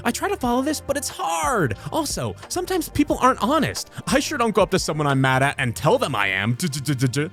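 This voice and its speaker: A man reading funny posts aloud as comedic scripted narration, highly animated and jumping between voices. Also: fairly quick, few pauses, soft background music. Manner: highly animated, frequent sudden voice shifts.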